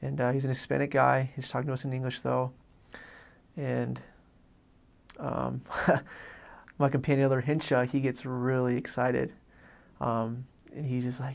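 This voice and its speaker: Gravelly, flat-voiced man telling a story. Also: mid-range voice. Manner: earnest, halting, many restarts. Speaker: former missionary. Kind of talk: personal faith testimony story.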